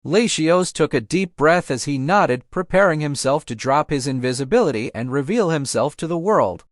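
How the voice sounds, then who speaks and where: A man reading a fan fiction audiobook aloud in a steady storybook manner. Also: a little high, normal speed, no room sound, clean studio sound. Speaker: audiobook narrator.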